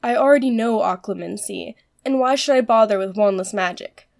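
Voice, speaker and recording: A woman's voice: medium pitch, brisk, gravelly, close to an everyday voice. A woman voicing a haughty, proud young girl heiress with scornful, sulky retorts in a fan audiobook reading.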